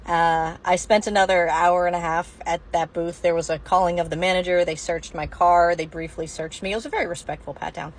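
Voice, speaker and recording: A woman's voice: lowish voice, steady tone, fairly quick, hardly any pauses. A woman in her forties, a doctor, telling a personal anecdote to camera in a wry, rambling way.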